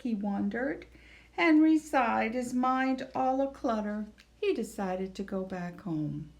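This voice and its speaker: A woman librarian reading a picture book aloud to young children, gentle and expressive. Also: on the high side, creaky.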